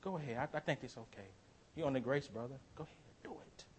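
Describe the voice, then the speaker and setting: A man voicing a whispering tempter spirit in a whispered role-play, hushed and coaxing. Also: medium pitch, fast talker, slight background noise, lightly acted. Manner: coaxing, insinuating.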